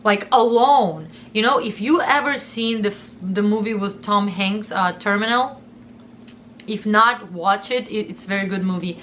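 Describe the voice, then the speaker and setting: A woman's voice: mid-range voice, normal speed, sharp tone, slight background noise. A young woman from Russia, telling her personal story in a heartfelt, emotional way on a vlog. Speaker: vlogger.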